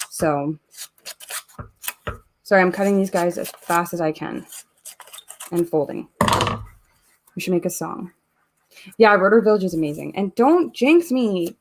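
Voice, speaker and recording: Canadian woman, casual live-stream host, chatty, reads comments aloud, faint background hiss. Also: on the low side.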